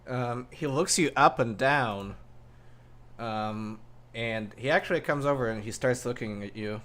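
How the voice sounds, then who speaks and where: A man narrating a tabletop role-playing game as game master, in an animated way with frequent fillers. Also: mid-range voice, measured pace.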